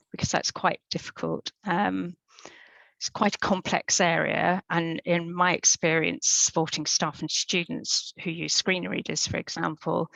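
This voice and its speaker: A woman's voice: lowish voice, gravelly, a bit bright, no echo, rough recording. A woman giving an informal, chatty presentation in an online webinar over a video call microphone. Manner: informal, chatty, with fillers and restarts.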